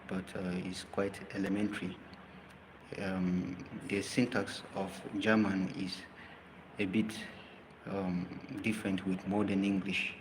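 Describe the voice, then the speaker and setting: A man's voice: deep voice, long reverb tail, noisy background. A man teaching a language lesson, hesitant with many fillers, spelling words out letter by letter. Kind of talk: live language lesson talk.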